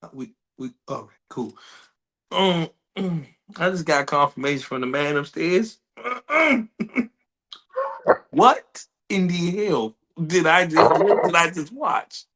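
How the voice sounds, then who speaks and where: A man with a slightly high voice chats on a podcast. He reacts in a laid-back, halting way and restarts his sentences often. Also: expressive, pushed and bright. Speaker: podcast co-host. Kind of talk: casual chat.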